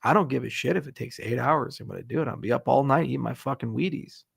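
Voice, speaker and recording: A man's voice: mid-range voice, fast, creaky, breathy edge. A middle-aged man hosting a casual livestream Q&A, answering viewer questions in a blunt, sarcastic and profane way. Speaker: host.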